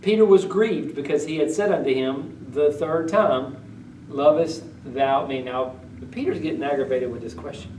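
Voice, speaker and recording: A man's voice: a little high, normal speed, darkish tone, a little hiss or hum. A male pastor preaching a conversational sermon, reading old-style scripture aloud and then retelling it in everyday words while asking the congregation questions. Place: church sanctuary. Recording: echoey room, voice from a distance.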